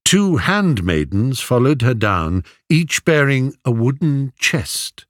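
A man narrating an audiobook in a measured, expressive reading, recorded close. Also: mid-range voice, no room sound. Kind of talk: audiobook storytelling.

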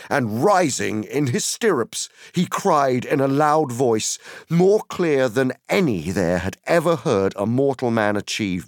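A man reading an audiobook aloud in a slow, dramatic storytelling manner, with a gravelly voice. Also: medium pitch, dry recording, clean studio sound. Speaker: narrator. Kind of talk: audiobook narration.

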